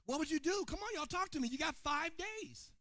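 A man preaching a sermon to his congregation, calling on people by name and swinging between shouted points and quiet asides. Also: extremely high pitch, expressive, brisk, no room sound, clean studio sound. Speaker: pastor. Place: church sanctuary before a congregation.

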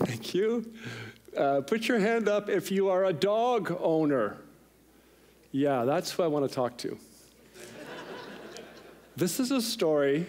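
A middle-aged man preaching a sermon in a church, telling a personal story with lively, animated delivery and voicing the people in it. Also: mid-range voice. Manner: animated storyteller, voices others in the tale. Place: church sanctuary.

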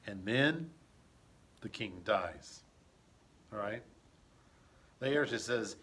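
A man's voice: fairly low pitch, lively intonation, very slow, pauses often, a bit bright, slightly rough. A man teaching, reading a play aloud and explaining it, with frequent check-ins to his listeners.

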